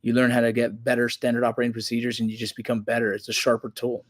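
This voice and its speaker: A man's voice: mid-range voice, completely flat delivery, racing, dry recording. Earnest man in casual chat, dry sound. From United States. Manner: earnest, rambling, says "bro" and "man". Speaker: podcast guest, veteran.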